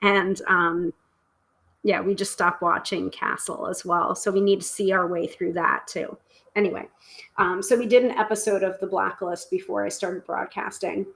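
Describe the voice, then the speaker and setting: A middle-aged woman chats through a live stream, voice sitting at an ordinary middle pitch. She bubbles with enthusiasm, jumping between thoughts with fillers and restarts. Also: steady tone, normal speed, creaky, a bit bright, rough recording. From United States. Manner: chatty and exuberant, with many fillers and restarts. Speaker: tarot reader and live stream host. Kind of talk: casual live stream chat.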